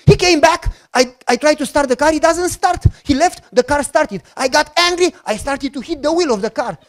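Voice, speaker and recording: Animated Romanian-accented male pastor. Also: extremely high pitch, normal speed. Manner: animated, joking storyteller acting out dialogue. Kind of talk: sermon storytelling.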